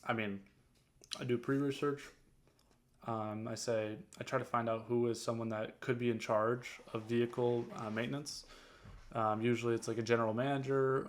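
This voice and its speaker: A young man talks casually in a vlog. He rambles through many fillers and restarts, explaining things to viewers like a coach. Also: medium pitch. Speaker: detailing business owner.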